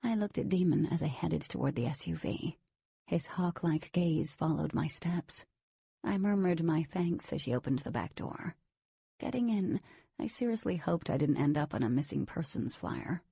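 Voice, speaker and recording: Woman reading as a guarded teen girl, low husky voice, kinda dull lo-fi sound. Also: animated, normal speed, mellow, no room sound, heavily acted. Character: teenage girl narrator, wary, guarded. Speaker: audiobook narrator. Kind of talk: scripted audiobook narration.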